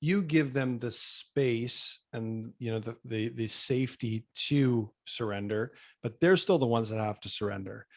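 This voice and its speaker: Reflective man hosting a podcast. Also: mid-range voice. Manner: reflective, shares personal experience, halting restarts. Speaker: podcast host. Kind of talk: podcast interview conversation.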